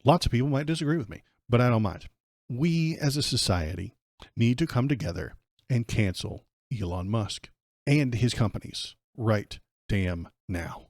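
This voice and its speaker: A man's voice: medium pitch, expressive, normal speed, a little mellow, dry recording, studio quality. A man ranting bluntly and sarcastically in political commentary as the host of his stream.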